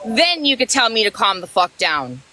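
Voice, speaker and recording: A woman's voice: on the high side, very animated, moderate pace, bright, forceful tone, no room sound, low-quality recording. An angry woman in a heated live stream argument who swears as she talks.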